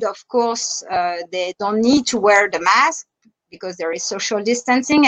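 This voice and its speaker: A woman's voice: a little high, fairly bright tone, low-quality recording. A woman with a French accent, a dive instructor and resort manager, answering interview questions with lots of hesitant fillers. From France. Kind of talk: online interview.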